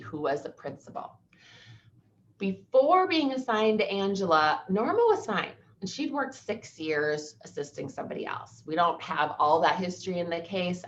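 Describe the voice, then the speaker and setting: A woman's voice: low voice, muffled recording, slight background noise. A woman, an employment attorney giving a legal seminar talk in a conversational, storytelling way.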